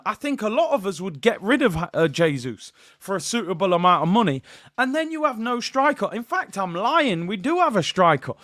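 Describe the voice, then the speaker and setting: A man talks live to his stream viewers. He rants in an animated, exasperated way and keeps calling out to the chat. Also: high-pitched. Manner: animated, exasperated rant addressing viewers as people. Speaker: football channel host.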